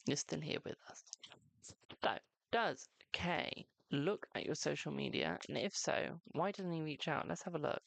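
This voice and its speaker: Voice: mid-range voice, lively intonation, moderate pace, gravelly, hardly any pauses, a bit bright, no room sound. A live-stream host doing tarot readings in a chatty, reassuring way, calling viewers "my darling" and leaning on "okay" between lines. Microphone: close microphone.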